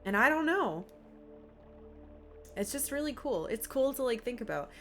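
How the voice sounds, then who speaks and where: A woman's voice: fairly high pitch, sing-song, moderate pace, a bit bright. A young woman from Appalachia chatting while streaming a game, rambling with lots of fillers. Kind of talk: casual gameplay commentary. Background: faint game music.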